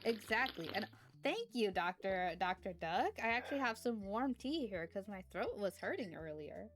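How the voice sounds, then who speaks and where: A woman streamer talking casually to her chat, drifting between topics and stopping to thank viewers. Her voice sits at an ordinary pitch. Faint music plays in the background. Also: very animated, moderate pace, fairly bright tone.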